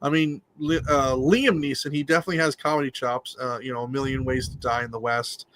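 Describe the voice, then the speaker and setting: A man from Pennsylvania, a guest actor chatting casually on a live stream, telling stories and tossing in quick quoted voices. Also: medium pitch, steady tone, a bit bright.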